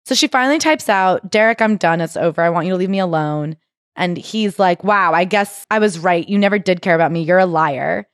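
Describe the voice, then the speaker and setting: A woman's voice: on the low side, fairly quick, no room sound, studio quality. A woman co-hosting a podcast, retelling a memoir in casual chat and acting out quotes. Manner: chatty, acts out quotes with swearing. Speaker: podcast co-host.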